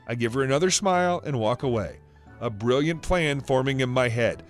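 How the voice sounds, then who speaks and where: A man's voice: medium pitch, lively intonation, a little fast, faint music behind. A man narrating a first-person story in a wry, dryly sarcastic storytelling manner.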